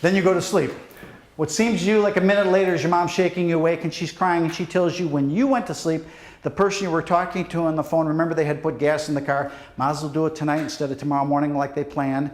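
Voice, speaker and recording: Speaking quickly in a slightly high, steady-toned voice, a police deputy chief delivers a motivational safety talk to students. He tells a dramatic story right to the audience, pleading, and his voice falls to almost a hush by the end. The hall is echoey.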